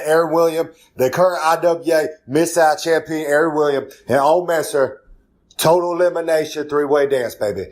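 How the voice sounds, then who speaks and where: A man with a Southern US accent delivering a rambling, boastful wrestling promo full of catchphrases. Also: on the high side. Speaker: wrestler doing a promo segment.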